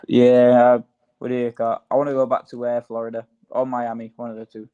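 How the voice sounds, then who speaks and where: A chatty man with a British accent keeps the casual talk moving with eager questions and quick asides. His voice comes through a dull, muffled voice-chat line. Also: medium pitch, completely flat delivery, dark tone, clean tone. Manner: chatty, curious, asks lots of questions. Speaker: livestream guest.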